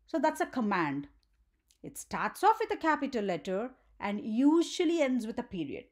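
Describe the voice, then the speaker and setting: A woman's voice: a little high, wildly swooping pitch, normal speed, a little mellow. A woman teaching a grammar lesson for children, often checking in with "right?" and asking the viewer questions.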